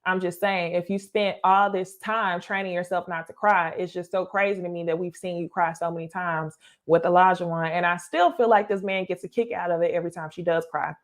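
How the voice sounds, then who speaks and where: A woman's voice: lowish voice, steady tone, brisk, few pauses. A young adult woman, giving a blunt, casual recap commentary, swearing and calling her viewers y'all. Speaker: reality TV commentator.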